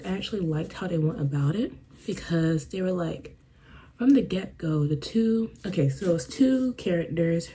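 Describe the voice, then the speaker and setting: A woman's voice: lowish voice, expressive, moderate pace, dark tone, slight background noise, poor audio. A young woman chatting casually in a book vlog, rambling with lots of fillers and a little out of breath. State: a bit out of breath. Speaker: book vlogger. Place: room at home with a fan running. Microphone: camera on a stand.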